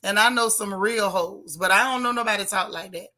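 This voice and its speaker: A bright, forceful woman talks straight into her webcam on a casual livestream. She is blunt and sassy, and she reads viewer comments aloud as she goes. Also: mid-range voice, brisk. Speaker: livestream host. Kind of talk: casual live chat reacting to a TV show.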